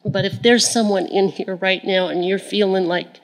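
A woman's voice: medium pitch, steady tone, normal speed, hardly any pauses, rough recording. A woman giving an earnest sermon as a Bible teacher. She repeats phrases for emphasis and often turns to speak to God directly in prayer.

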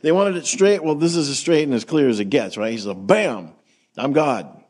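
A man preaching a sermon in a relaxed, conversational way, reading scripture and asking the congregation questions. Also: a little high, fast. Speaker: pastor.

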